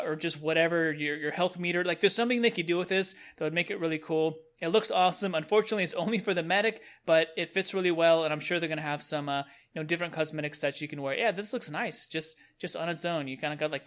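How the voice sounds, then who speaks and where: A man's voice: a little high, fairly bright tone. A young man casually reviewing new game cosmetics, upbeat and rambling. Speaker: gaming video host.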